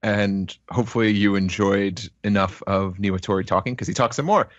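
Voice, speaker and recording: A man's voice: lowish voice, fairly quick, no room sound, lo-fi sound. A man in a casual podcast chat, chiming in with joking asides.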